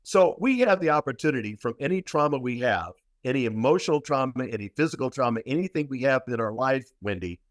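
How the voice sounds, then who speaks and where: A man's voice: medium pitch, lively intonation, fast talker, hardly any pauses, dry recording, studio quality. Emphatic man telling a story. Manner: repetitive, emphatic storyteller with many restarts. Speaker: guest practitioner. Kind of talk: storytelling in a podcast interview.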